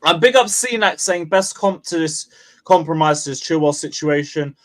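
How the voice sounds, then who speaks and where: Lively-voiced man smoothing an argument. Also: on the high side, normal speed. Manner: placating, reads out viewer comments. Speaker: football panel co-host. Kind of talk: football panel chat.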